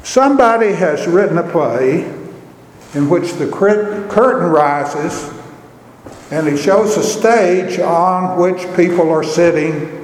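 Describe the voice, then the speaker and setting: A man preaching a sermon, telling the story in a slow, measured way. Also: sits high, expressive, reverberant, big-room sound, slight background noise, rough recording.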